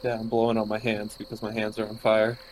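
A man's voice: lowish voice, completely flat delivery, fast, slight background noise, poor audio. A man playing a tabletop game, joking around and describing his character's actions. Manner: jokey, laughs often. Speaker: player. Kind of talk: casual chat while playing.

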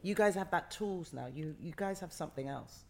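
A woman's voice: fairly low pitch, lively intonation, normal speed, vocal fry, slight background noise. A middle-aged woman who is a guest in an interview, talking passionately and emphatically and repeating phrases for emphasis. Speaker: actor guest. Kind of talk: casual interview chat.

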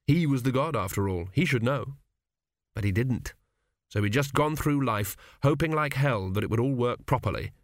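A man narrates an audiobook in a measured, dry storytelling manner, at a middle pitch. He is close to the mic, with a dead, dry studio sound. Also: expressive, dry recording.

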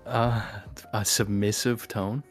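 A woman's voice: a bass voice, flat delivery, takes it slowly, soft background music. A woman co-hosting a casual podcast, wry and self-mocking, swearing freely. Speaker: podcast co-host. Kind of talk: casual chat, party game.

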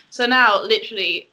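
A woman's voice: on the high side, pushed and bright, low-quality recording. A young woman from Britain in casual podcast chat, chatty and laughing often. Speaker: podcast co-host and English teacher.

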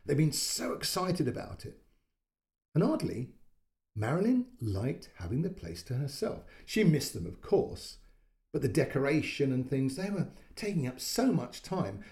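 A man narrating a short story in a calm, measured way, giving voice to the quoted lines. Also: fairly high pitch. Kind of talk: audiobook-style story narration.

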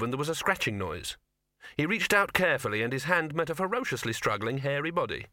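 A man narrating a comic fantasy novel as an audiobook reader, in a dry, measured way. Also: mid-range voice, sing-song, bright, forceful tone, no room sound. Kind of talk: scripted narration.

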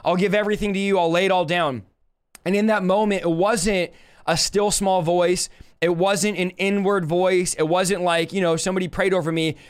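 Male preacher, 30s, high and resonant voice, emphatic live-stream testimony. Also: fairly even intonation, normal speed, clear, resonant tone. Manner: fervent, emphatic storytelling with repeated phrases; talks straight to live viewers.

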